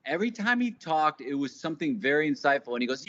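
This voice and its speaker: Animated improv teacher telling stories. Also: male voice, fairly high pitch, quick pace, dull audio. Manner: animated, acts out quoted voices. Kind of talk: casual interview storytelling.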